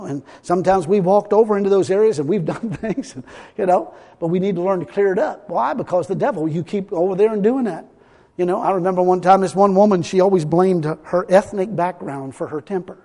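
A man's voice: sits high, a little fast, warm tone, long reverb tail. A man preaching a sermon as pastor, emphatic and folksy, often chuckling as he talks.

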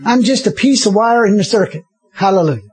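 A man's voice: sits high, expressive, a little fast. A man preaching a sermon, often chuckling and breaking in with hallelujahs. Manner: chuckling often, interjecting hallelujahs, repeating himself.

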